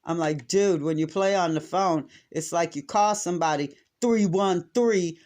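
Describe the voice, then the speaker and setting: A middle-aged man with an American accent recounts a family mishap in a casual, exasperated way. He talks in a slightly high register and keeps slipping into little acted-out bits of dialogue. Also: a little slow. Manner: exasperated, animated retelling with acted-out quotes. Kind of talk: casual storytelling to camera.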